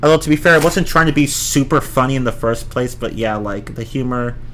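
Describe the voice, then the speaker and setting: A man's voice: mid-range voice, a little fast, fairly bright tone, slight background noise. A young man rambling casually through a film review on a livestream, often restarting his sentences, swearing now and then and reacting to chat. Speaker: livestream host reviewing films.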